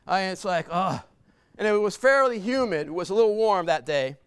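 A man's voice: sits high, animated, fairly quick, fairly bright tone, clear, resonant tone, no room sound. A man telling a personal story to a live audience in a chatty way, repeating words, laughing and asking the crowd questions.

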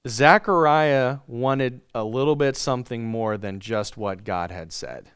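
A man delivers a sermon in a smooth, resonant voice, recorded dry and close with no room sound. He reads scripture aloud, leaning on the words he wants underlined, and poses questions to his listeners before answering them himself. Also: mid-range voice, unhurried, a bit bright, no echo. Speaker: preacher. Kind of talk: sermon with Bible reading.

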